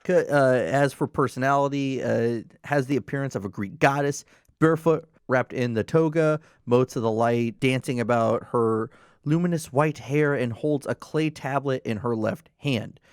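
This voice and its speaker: A man's voice: medium pitch, normal speed, clear, resonant tone, no echo, studio quality. A man co-hosting a casual gaming podcast, reading out lore entries and then commenting on them. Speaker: podcast co-host.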